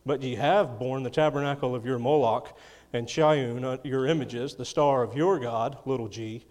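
A man's voice: medium pitch, moderate pace, a little mellow, long reverb tail. A man preaching a sermon, reading scripture and adding folksy, chuckling asides. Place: church.

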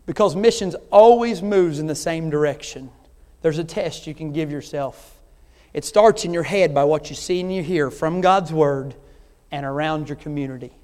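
A man's voice: a little high, normal speed, a little mellow, big-room sound. A man who is a visiting missionary preaching a sermon, pressing his points with rhetorical questions.

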